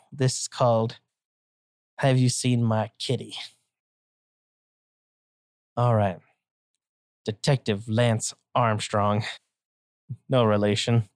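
Low-voiced woman improvising a silly story. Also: a little mellow, no room sound, clean studio sound. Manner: rambling, giggly, self-mocking. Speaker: comic storyteller.

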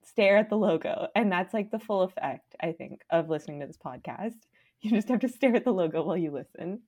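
A woman's voice: fairly low pitch, expressive, brisk, darkish tone, slightly rough. A woman co-hosting a casual podcast, chatty and giggly, filling her talk with 'like'. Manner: giggly, laughs between phrases, lots of 'like'. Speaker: podcast co-host.

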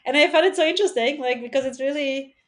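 A woman's voice: high-pitched, fast. A woman from Sweden in casual conversation, rambling and tucking "you know" into her sentences. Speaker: discussion participant.

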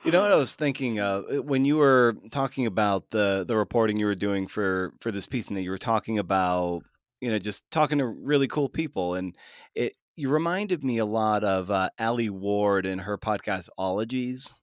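Low-voiced rambling male podcast host. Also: normal speed, no echo, clean studio sound. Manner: rambling, hesitant, many restarts and fillers. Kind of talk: casual interview chat.

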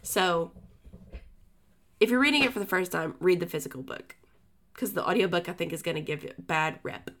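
A woman's voice: on the low side, moderate pace, pauses often, a bit bright. A woman co-hosting a book podcast, talking in a casual, chatty way full of fillers and restarts.

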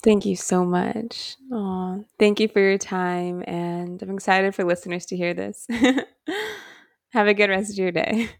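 A woman podcast host who responds warmly, laughs along and gets teary at her guest's words. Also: medium pitch, expressive, unhurried. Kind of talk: casual interview chat.

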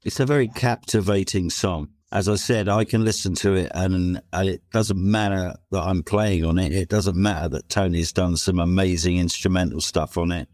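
Deep-voiced man praising a song. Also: fairly even intonation, moderate pace, hardly any pauses, darkish tone, no room sound. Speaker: band member. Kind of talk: podcast conversation.

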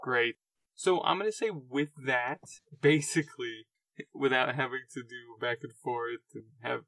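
A man's voice: mid-range voice, sharp tone, dry recording, recorded from a distance. A man running a tabletop game as game master, laughing often and restarting sentences. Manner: laughing often, restarts mid-sentence, puts on quick character voices.

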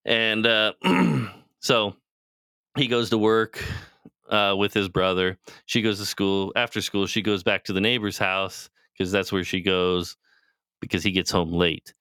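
A man's voice: on the low side, steady tone, a little slow, sharp tone, smooth, no echo, clean studio sound. A man co-hosting a podcast, casually retelling a TV show in a rambling, profane way and acting out the characters' lines. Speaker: podcast co-host.

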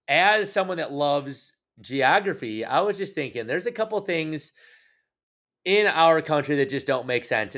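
A man's voice: a little high, a bit bright. Joking man in his thirties. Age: 30s. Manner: jokey, playful teasing. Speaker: podcast co-host. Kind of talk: casual podcast banter.

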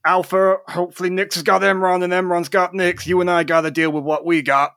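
A man's voice: mid-range voice, steady tone, a little fast, dry recording, clean studio sound, natural voice. A man voicing an urgent adventurer who barks orders at an ally in a tabletop game.

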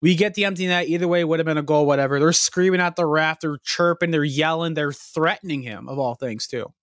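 A man's voice: fairly high pitch, a little fast, dry recording. Young guy ranting about a hockey game, swears a lot, dry close sound. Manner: animated, profane, rambling storytelling. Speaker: podcast co-host. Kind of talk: casual podcast storytelling.

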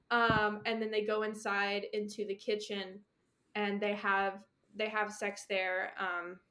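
A woman's voice: medium pitch, sharp tone. A woman co-hosting a chatty podcast, gushing about a book with many "um"s and "like"s and frequent giggles. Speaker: podcast co-host. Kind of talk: casual chat.

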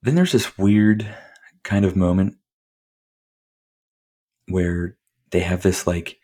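A man's voice: deep voice, slow, mellow, breathy edge. A man hosting a podcast, casually recapping a film in a rambling, profane way and laughing often. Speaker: podcast host.

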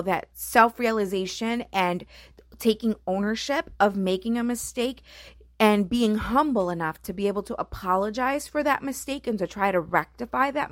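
A middle-aged woman talks through her experience of motherhood in a heartfelt monologue. Her delivery is earnest and reflective, dotted with "you know" and "right?". Her voice sits at an ordinary pitch and is recorded dry and close. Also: a bit bright, dry recording.

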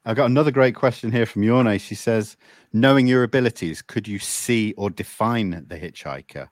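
A man's voice: fairly low pitch, normal speed, no room sound, clean studio sound. A man hosting a casual interview, asking questions hesitantly with many fillers and false starts. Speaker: podcast host.

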